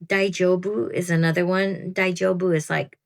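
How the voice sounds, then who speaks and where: A woman's voice: lowish voice, little pitch movement, normal speed, creaky. A woman in her fifties giving casual, chatty advice to newcomers, rambling a little and laughing at herself. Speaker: veteran program participant giving advice. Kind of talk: casual advice talk to camera.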